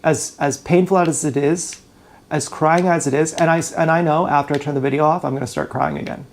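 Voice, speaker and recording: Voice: mid-range voice, fairly even intonation, a little fast, a little hiss or hum. A YouTuber venting in an emotional vlog, agitated, profane and rambling, fired up and upset, talking into a GoPro camera while streaming live indoors.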